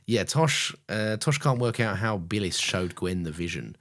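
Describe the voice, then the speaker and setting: A young man with a lowish voice, co-hosting a casual podcast chat. He rambles, swears freely and trips over his own sentences, circling back to restart. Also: moderate pace, fairly bright tone. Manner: sweary, rambling, self-interrupting. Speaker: podcast co-host.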